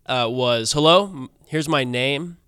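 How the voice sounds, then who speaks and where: A man's voice: mid-range voice, a little slow, pushed and bright, clear, resonant tone, no echo, clean studio sound. A man hosting a parish podcast, upbeat and chatty with his guests. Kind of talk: casual podcast interview.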